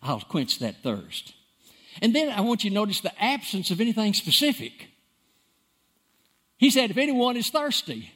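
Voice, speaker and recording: A man preaching a sermon, emphatic and dramatic, repeating words for stress and swinging between loud and soft. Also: high-pitched, wildly swooping pitch, normal speed, pauses often, husky. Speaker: pastor.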